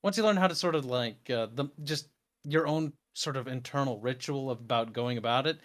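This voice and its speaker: A man's voice: medium pitch, moderate pace. A man with a Midwestern accent, a guest in a casual interview chat, talking animatedly and bluntly with some swearing. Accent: American Midwestern. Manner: animated, laughing, blunt and profane.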